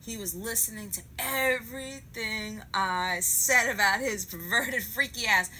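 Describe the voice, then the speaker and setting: New woman telling a wild story, swears a ton, bright voice. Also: on the high side, unhurried, a little hiss or hum, rough recording. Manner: profane, animated, dramatic acting-out. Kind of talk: comic storytelling.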